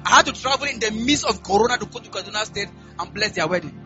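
In a church, a male pastor with a high, expressive voice preaches quickly, makes announcements, and leads prayer while music plays behind him. He keeps asking the congregation "are we together?" in call-and-response fashion, building to loud, fervent prayer. The recording has its highs cut off.

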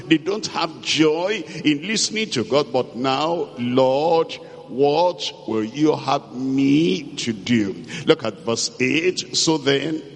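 Guy preaching slow and emphatic, kinda high voice, big echoey hall. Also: fairly bright tone. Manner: slow, emphatic, repeats key phrases. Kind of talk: sermon. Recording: long hall reverb.

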